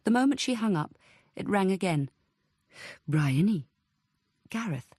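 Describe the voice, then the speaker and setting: This is scripted audiobook narration by a woman of medium pitch, delivered evenly and with measured storytelling. The recording is dry and of studio quality.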